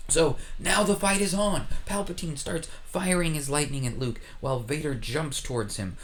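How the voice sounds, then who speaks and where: A man narrating a comedic parody story, deadpan and playful with quick asides. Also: on the high side.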